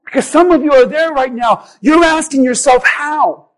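A man preaches to his congregation in a strikingly high voice. He is impassioned, often shouting and slowing his words down to drive a point home. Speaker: pastor. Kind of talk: sermon. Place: church.

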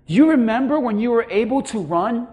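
High-voiced pastor preaching dramatically. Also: male voice, animated, brisk. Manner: preaching with dramatic swings in loudness and acted-out quotes. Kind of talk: sermon.

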